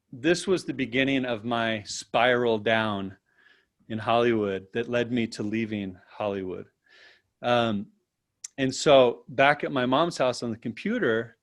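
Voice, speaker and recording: A man as an interview guest, telling a personal story in a lively, casual way and often tagging his sentences with "right?". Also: mid-range voice. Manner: animated, tags sentences with "right?".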